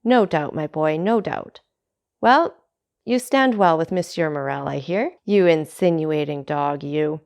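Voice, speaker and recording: A woman voicing an envious male tailor neighbor with a glib, ingratiating manner, in an audiobook reading with a gravelly tone. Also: sits low, measured pace, a little mellow. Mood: fawning.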